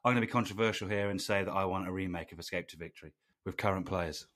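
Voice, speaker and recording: A man's voice: low-pitched, fairly even intonation, racing, fairly bright tone. A man co-hosting a casual podcast, talking eagerly with many restarts and fillers. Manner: enthusiastic, hesitant restarts. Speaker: podcast co-host. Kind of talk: casual chat.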